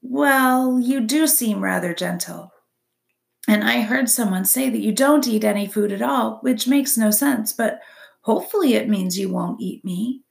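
A woman's voice: a little high, unhurried, gravelly. A woman voicing a chatty, theatrical female opossum who loves to perform, in a storybook reading. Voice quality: bright, gushing, theatrical.

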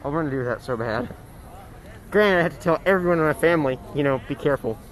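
A man's voice: fairly high pitch, expressive, fast. A man hosting a podcast, chatting casually in a jokey, rambling way and laughing often. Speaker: podcast host. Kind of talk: casual chat.

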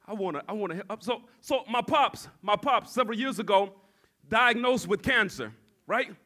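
A male pastor in full sermon mode, with a very high voice and a bright, forceful edge. He calls on the congregation to respond and climbs into shouts as he preaches. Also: normal speed.

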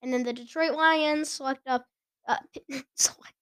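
A woman's voice: sits high, fairly even intonation, measured pace, a bit bright, dry recording, studio quality. A woman hosting a casual podcast, chatting and giggling as she stumbles over names. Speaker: podcast host. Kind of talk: casual sports chat.

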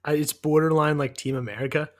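A man's voice: fairly high pitch, steady tone, fast talker. Rambling man in casual podcast chat. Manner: rambling, many fillers, enthusiastic. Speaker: podcast co-host.

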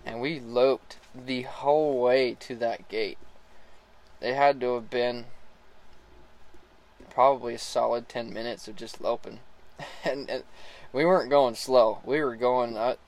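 A relaxed man spins a casual story about working a young horse. His voice sits at an ordinary middle pitch, and he chuckles now and then and trips over his own sentences. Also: measured pace, long pauses, poor audio. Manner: relaxed, laughs often, restarts sentences. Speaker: horse rider starting a young colt.

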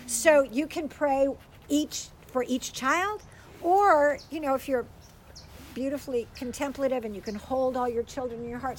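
An older woman giving a gentle, earnest faith teaching to a group, tearful at times as she speaks. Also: on the high side, a little hiss or hum, rough recording. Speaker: speaker teaching on prayer for children.

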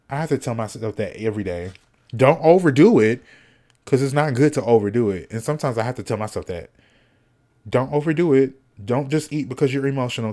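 A man hosting a solo podcast in casual chat, sassy and animated, cussing freely and snacking as he talks. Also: mid-range voice. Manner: snacking while talking. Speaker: podcast host.

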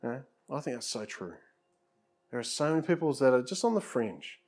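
A man's voice: medium pitch, big pitch swings, normal speed, a little mellow. A man preaching a conversational sermon as pastor, often saying "you know" and repeating words, then leading a prayer.

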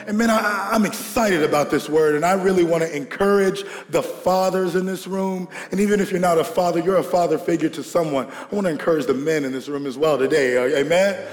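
A young male pastor with a high, ringing voice preaches in a roomy church hall, the sound bouncing with a long tail of reverb. He shouts with hyped energy and slangy banter, leading the congregation in call-and-response, with faint music underneath. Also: a little fast, few pauses.

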